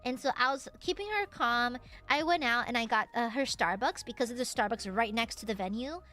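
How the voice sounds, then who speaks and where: High-pitched woman streamer, super animated storytelling, drops f-bombs, faint music behind. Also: fairly quick. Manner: animated, acts out the voices in her stories; swears casually, lots of fillers. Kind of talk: casual storytelling chat.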